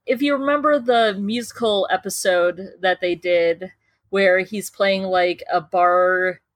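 A woman co-hosts a podcast in a mid-range voice, chatting casually at an unhurried pace and gushing with enthusiasm. The recording is dry.

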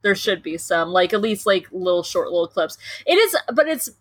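A woman's voice: fairly low pitch, sing-song, moderate pace, breathy edge, dry recording. A woman co-hosting a podcast, chatting casually and gushing with enthusiasm. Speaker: podcast co-host. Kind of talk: casual chat.

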